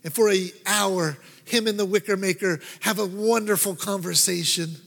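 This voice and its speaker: A preacher telling a parable to his congregation, his voice high for a man. He swings from loud to hushed, and every line rolls through a long hall reverb. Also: steady tone, normal speed, gravelly. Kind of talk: storytelling sermon.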